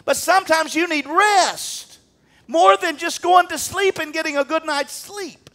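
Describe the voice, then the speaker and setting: A man preaching a sermon in church, animated, swinging from loud emphatic peaks down to quiet asides. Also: very high-pitched, unhurried. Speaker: pastor.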